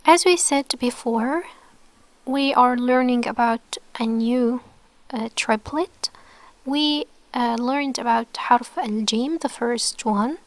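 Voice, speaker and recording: This woman, an Arabic teacher, speaks a little slowly and on the high side, with no echo in the recording. Teaching online, she patiently explains, frequently asks "okay," and lowers her voice to a whisper when demonstrating sounds.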